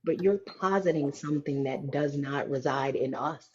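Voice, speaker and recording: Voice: medium pitch, moderate pace, dull audio. A participant in a group discussion, arguing a point firmly and building it with analogies.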